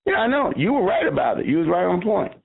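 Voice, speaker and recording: Man, raspy gravelly voice, lively rising and falling pitch, tinny phone line. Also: quick pace, over a noisy crowd. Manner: rambling, argumentative. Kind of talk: casual phone chat.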